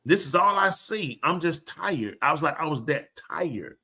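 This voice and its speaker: A man's voice: fairly high pitch, a little slow, creaky, slightly rough. An older man, a preacher, telling stories in casual talk and acting out dialogue in a raised voice. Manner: animated, acts out dialogue in raised voice.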